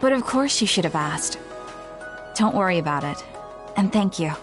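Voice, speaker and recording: An actress playing a calm, reserved young woman who speaks in a quiet, measured way in a game cutscene. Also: on the low side, over music, close to an everyday voice.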